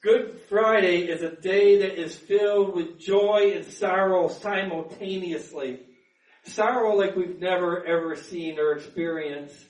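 A man's voice: high-pitched, a little mellow, reverberant, recorded from a distance, low-quality recording. A man preaching a sermon in an earnest manner, repeating words as he builds to emphatic peaks. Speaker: pastor.

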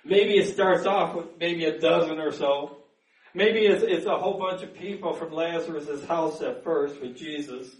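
A man's voice: a little high, normal speed, echoey room, distant mic, poor audio. A man preaching a sermon in an earnest manner, repeating words as he builds to emphatic peaks. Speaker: pastor.

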